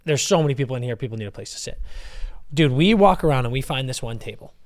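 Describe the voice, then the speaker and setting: A young man co-hosting a podcast, telling a story in an animated, casual way and swearing freely. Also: medium pitch, fast. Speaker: podcast co-host. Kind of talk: casual chat.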